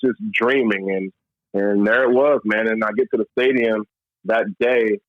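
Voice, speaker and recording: At a normal speed and with a lowish voice, a Louisville, Kentucky native who played pro baseball relates his story in a laid-back interview. He keeps saying "man," restarts often, and is animated; the dry recording has a dull, lo-fi quality.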